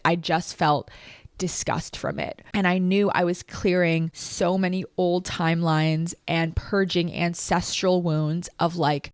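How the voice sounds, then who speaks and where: A woman's voice: on the low side, no room sound, clean studio sound. A woman hosting a podcast, telling a personal story in an emotional, reflective way with lots of "like". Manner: emotional, reflective, heavy use of "like". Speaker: podcast host.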